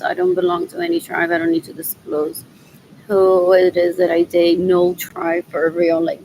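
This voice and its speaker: A woman's voice: fairly low pitch, big pitch swings, normal speed, vocal fry, a little mellow, a little hiss or hum, poor audio. A middle-aged woman rambling to herself in a solo monologue, repeating phrases as she muses. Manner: repetitive, muttering to herself. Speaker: vlogger.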